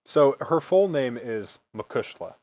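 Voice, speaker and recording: A man's voice: mid-range voice, animated, a little slow, darkish tone. A man in his early twenties, host of a casual podcast, telling rambling stories, swearing freely and laughing often. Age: early 20s. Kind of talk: casual storytelling chat.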